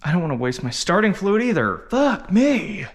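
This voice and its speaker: A man's voice: a little high, very animated, quick pace, fairly bright tone, slight background noise. A man talking casually while working in his garage, muttering and swearing under his breath, recorded on a head-mounted action camera. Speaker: DIY mechanic vlogger. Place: home garage workshop.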